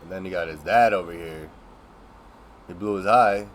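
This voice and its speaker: A man's voice: deep voice, normal speed, slight background noise. A man streaming live, reacting to a true-crime clip with blunt, profane commentary.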